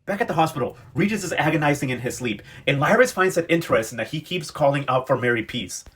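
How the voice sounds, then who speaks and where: A man's voice: on the high side, lively intonation, fast, fairly bright tone, slightly rough. A young man recapping a TV novela in a sassy, dramatic, emotionally invested way. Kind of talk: casual pop-culture recap.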